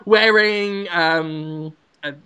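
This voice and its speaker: A man's voice: high voice, extremely slow, sharp tone, clean tone. A young man co-hosting a comedy podcast, riffing through a crude comic story with lots of giggling. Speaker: podcast co-host.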